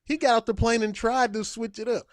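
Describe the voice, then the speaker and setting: A young man with a southeastern Kentucky accent, co-hosting a podcast and telling stories in a folksy, animated way. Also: very high voice, brisk, crowd noise. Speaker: podcast co-host. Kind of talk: casual chat.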